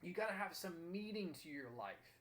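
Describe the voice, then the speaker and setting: A man's voice: high voice, sing-song, moderate pace, fairly bright tone. A young man hosting a motivational talk, telling a story in an earnest, emphatic way. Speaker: host.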